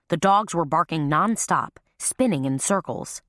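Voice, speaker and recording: A woman narrating a mystery audiobook in an even, storytelling way on a close studio mic. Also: low voice, a little slow, no room sound. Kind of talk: scripted narration.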